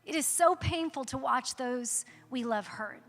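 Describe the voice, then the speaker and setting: A woman pastor preaching a sermon in an earnest, measured way. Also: sits high, a bit bright, soft background music. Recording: reverberant hall.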